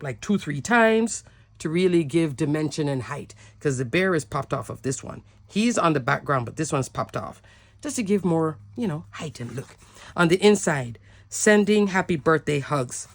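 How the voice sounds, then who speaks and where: A woman's voice: deep voice, animated, moderate pace, no echo. A woman giving a casual, upbeat card-making product demo, chatty and often saying "like".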